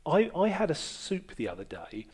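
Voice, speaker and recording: A man's voice: on the high side, huge pitch swings, moderate pace, a little mellow, husky. A man hosting a casual chat in a basement room, rambling and hesitant with many fillers and restarts, and a wry, self-mocking humour. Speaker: podcast host and musician.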